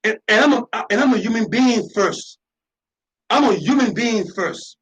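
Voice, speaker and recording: A man's voice: sits high, animated, moderate pace, fairly bright tone, rough recording. A man hosting a radio talk show, delivering an impassioned, preachy monologue with lots of repetition and emphasis.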